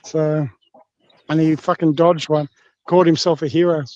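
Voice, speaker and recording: A man's voice: on the high side, level tone, normal speed, warm tone, no room sound, dull audio. A man from Australia with an Australian accent, chatting on a livestream in a rambling, crude, joking way. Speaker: stream guest. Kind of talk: casual livestream chat.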